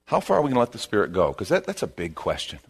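A man preaching a sermon as a pastor, in an animated, conversational way, repeating his key phrases. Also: fairly low pitch, racing, breathy edge.

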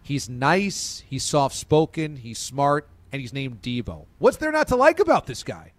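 A man's voice: unhurried, dry recording. A man hosting a sports talk show, chatting casually and enthusiastically with his co-hosts. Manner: animated, enthusiastic, pitch swings. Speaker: show host.

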